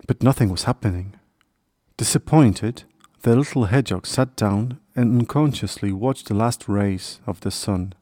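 A man reads a children's story aloud at an unhurried, very slow pace. His voice sits low and mellow, and the recording is dry and close, with no room around it. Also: no room sound. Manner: calm, measured reading. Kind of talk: scripted storybook narration.

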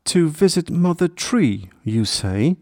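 A man's voice: lowish voice, animated, unhurried, warm tone, no echo, studio quality. A man doing a big kind storybook deer. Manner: friendly, reassuring. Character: big kind male deer, cheerful and gentle. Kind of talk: storybook character voice.

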